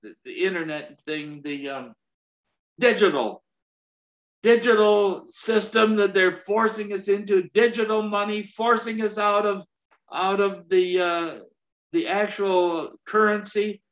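Male preacher, high-pitched, unhurried and halting delivery, lo-fi sermon recording. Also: a bit bright. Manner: slow, halting delivery with many restarts and amens. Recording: dull lo-fi recording.

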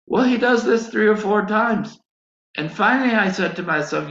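A man's high-pitched, slightly bright voice moves at normal speed as he preaches, sharing a personal story and performing his own prayers in a sermon testimony. The audio is echoey, dull and lo-fi.

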